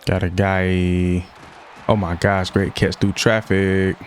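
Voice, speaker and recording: A young gaming YouTuber talks to himself while playing, giving casual, slangy commentary and often sounding frustrated. His voice sits low with a flat delivery, and he takes it slowly; there is slight background noise.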